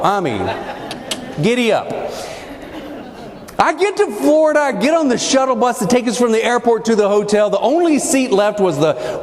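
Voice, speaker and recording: Folksy, lively man telling funny stories. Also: sits high. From New Mexico, USA. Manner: folksy, animated, joking. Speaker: keynote speaker. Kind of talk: humorous storytelling speech. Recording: echoey hall with faint background noise.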